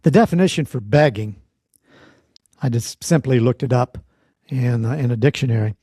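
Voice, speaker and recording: A man preaching a teaching sermon, exhorting his listeners with emphatic rhetorical questions and deliberate dramatic pauses. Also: medium pitch, dark tone, husky, dry recording, clean studio sound.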